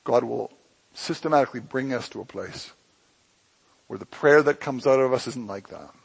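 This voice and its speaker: Husky-voiced impassioned male pastor. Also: medium pitch, moderate pace, rough recording. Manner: impassioned preaching that swings between loud emphasis and hushed lines. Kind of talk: sermon.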